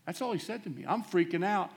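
A man preaching a storytelling sermon in a fairly high voice. He is animated and self-deprecating, jumping from loud bursts to hushed asides as he acts out each exchange. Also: quick pace.

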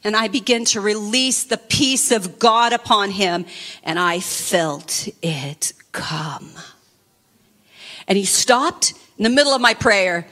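Bright-voiced woman preaching a testimony. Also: mid-range voice, slow pace. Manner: expressive storyteller, fervent. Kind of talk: testimony sermon.

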